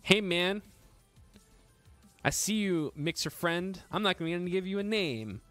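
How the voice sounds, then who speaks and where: Lively joking man hosting a live build. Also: high-pitched, unhurried, no room sound, faint music behind. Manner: animated, joking, laughs often, flustered by his own slip. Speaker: livestream host building a PC. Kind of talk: casual live-stream chat.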